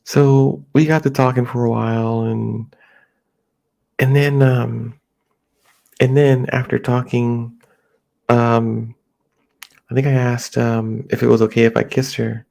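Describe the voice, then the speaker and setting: A man's voice: medium pitch, level tone, slow, gravelly, long pauses, a little mellow. A man casually telling a rambling personal story at home, slipping into his friends' voices as he quotes them. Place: home near a highway.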